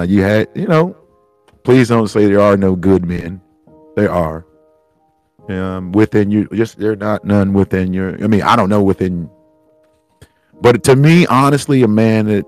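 Low-voiced man musing aloud, profane. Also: darkish tone, dry recording. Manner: rambling, profane, heartfelt. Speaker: podcast host. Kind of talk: solo reflective monologue.

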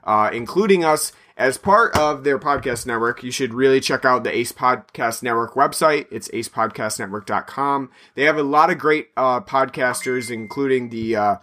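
A man's voice: mid-range voice, moderate pace, hardly any pauses, sharp tone. A man co-hosting a podcast, talking casually in a chatty, meandering way. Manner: chatty and meandering, plugs the show. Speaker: podcast co-host.

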